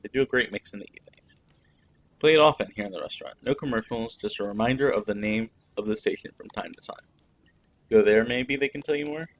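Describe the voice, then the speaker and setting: A man's voice: on the low side, quick pace, a little hiss or hum, lightly acted. A man reading as a friendly Greek cook. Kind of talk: reading game dialogue aloud.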